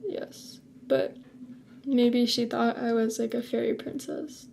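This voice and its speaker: Rambling young woman with a gravelly voice. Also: a little high, level tone, takes it slowly, darkish tone, slight background noise. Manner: rambling, lots of "like" fillers. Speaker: vlogger. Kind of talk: casual chat to camera.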